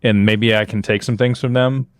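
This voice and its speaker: A man's voice: on the low side, fairly even intonation, clear, resonant tone, dry recording, studio quality. A man co-hosting a podcast in casual chat, sharing career experiences. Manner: quick, affirming listener. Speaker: podcast co-host.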